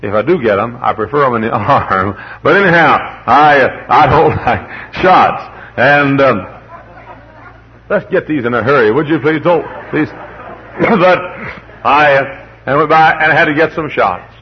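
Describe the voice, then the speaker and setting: A pastor with a mid-range voice preaches a little slowly, his rambling, humorous stories full of repeated words before he builds to emphatic preaching. It's a sermon with folksy storytelling, heard through lo-fi sound.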